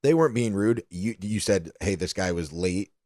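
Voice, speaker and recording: Deep-voiced man, lively joking co-host. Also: normal speed, no echo, studio quality. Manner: joking, crude interjections. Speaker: podcast co-host. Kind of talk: casual chat.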